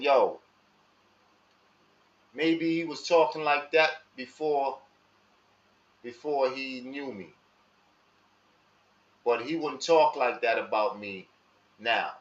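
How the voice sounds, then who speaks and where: A man talking casually and slowly to his live audience in street slang, asking viewers for their advice. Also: mid-range voice, fairly bright tone. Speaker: live stream host. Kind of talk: casual monologue to live chat. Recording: echoey room, dull lo-fi sound.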